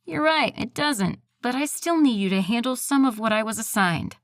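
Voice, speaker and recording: A woman voicing a snide, nagging male coworker with a nasal voice and a condescending, drawn-out way of taunting. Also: a little high, expressive, no echo, clean studio sound, pitched above the performer's own voice.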